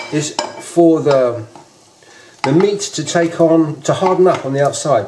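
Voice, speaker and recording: Chatty British man cooking at home. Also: mid-range voice. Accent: British English. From United Kingdom. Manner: chatty, rambling, repeats himself. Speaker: home cook host. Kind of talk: casual cooking demonstration. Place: home kitchen. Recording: echoey kitchen with faint noise.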